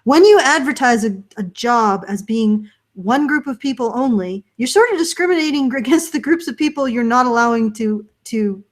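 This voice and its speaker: A woman's voice: fairly high pitch, animated, moderate pace, few pauses. A woman co-hosting a casual podcast discussion, wry and argumentative in a frank way. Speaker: podcast co-host.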